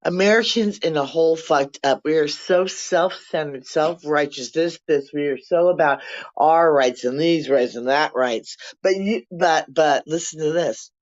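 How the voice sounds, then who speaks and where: A vlogger in their sixties rants to the camera from their apartment, blunt, profane and rambling, at an unhurried pace in a medium-pitched voice. The recording sounds dull and lo-fi.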